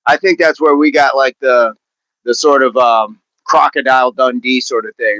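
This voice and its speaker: A man's voice: medium pitch, steady tone, normal speed, fairly bright tone, no echo, lo-fi sound. Chatty male livestream host, dry sound. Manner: chatty, hesitant, many fillers and restarts. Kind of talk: casual livestream chat, reading viewer comments.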